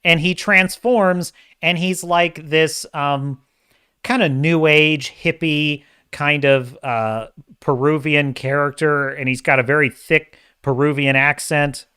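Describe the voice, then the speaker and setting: Bright, forceful opinionated male host. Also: on the high side, takes it slowly, clear, resonant tone, no echo, clean studio sound. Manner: rambling, correcting himself often; opinionated and animated. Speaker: podcast host. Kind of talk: casual live-stream movie review.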